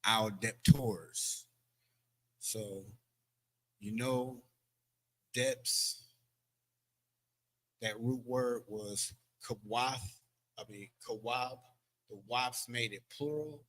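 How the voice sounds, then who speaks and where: A man's voice: mid-range voice, extremely slow, pauses often. A man teaching a language lesson from a board in a loose, conversational way, full of fillers and repeated words. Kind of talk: teaching from a board, casual lecture. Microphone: streaming setup.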